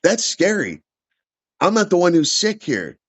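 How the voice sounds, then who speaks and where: A man venting about his care as a veteran, agitated and halting, restarting and swearing often. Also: high-pitched, wildly swooping pitch, fairly bright tone. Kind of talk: casual emotional chat. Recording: dull lo-fi sound.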